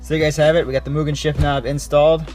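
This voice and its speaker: A young man hosting a car build vlog, calmly explaining his work as he goes in a home garage. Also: a little high, fast, over loud music. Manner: laid-back, chatty, explains as he works. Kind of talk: casual garage vlog walkthrough.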